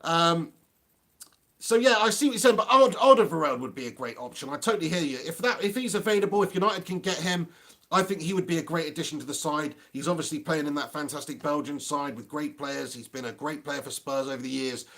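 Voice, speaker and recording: A man's voice: on the high side, a little fast, fairly bright tone. A man hosting a live fan stream, talking passionately in a rambling way and often restarting his sentences. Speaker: fan channel host.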